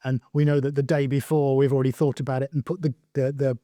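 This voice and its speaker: A man's voice: mid-range voice, little pitch movement, fast talker, warm tone, no room sound, studio quality. A man co-hosting a casual podcast chat, earnest and reflective as he picks up on what others say. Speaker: podcast co-host, artist.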